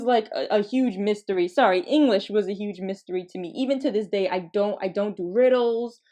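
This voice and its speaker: A woman in her twenties hosting a podcast, telling comedic stories in a casual, animated way, laughing and swearing freely. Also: medium pitch, fairly quick, hardly any pauses. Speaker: podcast host.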